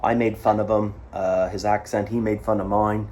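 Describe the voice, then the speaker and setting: Man from canada, casual rambling storyteller, profane, deepish voice, faint background hum. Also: flat delivery, normal speed, darkish tone. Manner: rambling, profane, full of fillers and asides. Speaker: vlogger.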